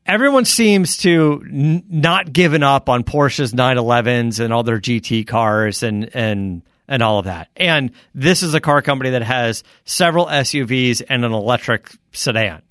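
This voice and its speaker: A man co-hosting a casual podcast, telling stories in a loose, animated way, swearing and laughing often. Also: mid-range voice, normal speed, hardly any pauses, no room sound, clean studio sound. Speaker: podcast co-host. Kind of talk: casual chat.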